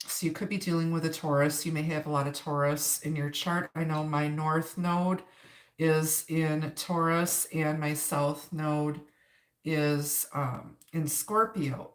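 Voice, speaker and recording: A woman with an Upper Midwest accent giving a chatty live-stream tarot reading, greeting viewers and laughing between cards. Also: sits low. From Wisconsin, United States. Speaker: tarot reader. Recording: roomy echo.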